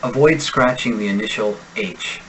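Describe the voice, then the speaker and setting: A man with a General American accent, an accent instructor reading example sentences and single words slowly and deliberately in a pronunciation lesson. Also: lowish voice, slight background noise, rough recording. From United States. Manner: slow, deliberate enunciation of sample words.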